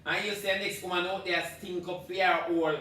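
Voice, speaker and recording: A man with a Jamaican accent ranting loudly through a live stream, swinging between shouting and low muttering. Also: flat delivery, fairly quick, recorded from a distance. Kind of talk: animated live-stream rant. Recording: very echoey room, voice off-mic, faint background hum.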